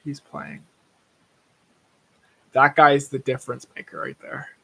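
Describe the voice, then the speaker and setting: A man's voice: mid-range voice, little pitch movement, takes it slowly, vocal fry, pushed and bright, husky. A young man hosting a casual livestream, rambling through tangents about sports bets and swearing freely. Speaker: livestream host.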